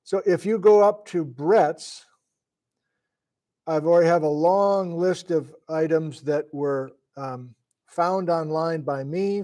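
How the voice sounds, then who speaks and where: A slightly high, dark-toned male voice belongs to a middle-aged geology lecturer from Wisconsin, USA. Lacking sleep, he thinks aloud in a flustered, casual live-stream lesson.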